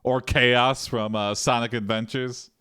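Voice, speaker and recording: A man's voice: mid-range voice, steady tone, measured pace, pushed and bright, clear, resonant tone, no room sound, clean studio sound. A man hosting a stream built on an AI story, chatting casually in a rambling, playful way with lots of asides. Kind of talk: casual chat.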